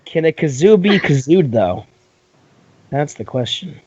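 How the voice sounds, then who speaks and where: Jokey male player, very animated pitch, dry close sound. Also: a little slow, breathy edge, no echo, dull audio. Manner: joking, playful. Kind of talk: casual tabletop game chat.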